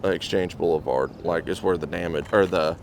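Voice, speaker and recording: A man's voice: deep voice, a little fast, gravelly, a little hiss or hum. A male police officer narrating calls and questioning a driver in a laid-back, matter-of-fact way. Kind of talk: casual on-duty narration and questioning.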